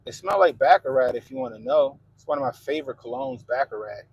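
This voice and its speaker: A man's voice: mid-range voice, very animated, fast talker, vocal fry, husky, lo-fi sound. A man with a Baltimore accent hosting a livestream, chatting loosely and profanely while reading comments. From Baltimore, Maryland. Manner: loose, profane, laid-back banter. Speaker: livestream host.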